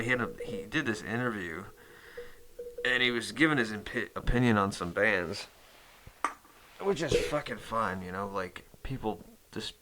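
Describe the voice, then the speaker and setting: A man's voice: on the low side, creaky, sharp tone. A man hosting his metal music channel in a rambling casual chat, cursing constantly and full of fillers.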